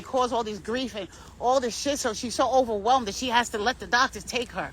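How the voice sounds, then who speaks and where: A woman's voice: fairly high pitch, brisk, a bit bright, a little hiss or hum. A woman delivering a rambling personal monologue to camera, profane and intense, with sudden shifts in tone. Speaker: vlogger.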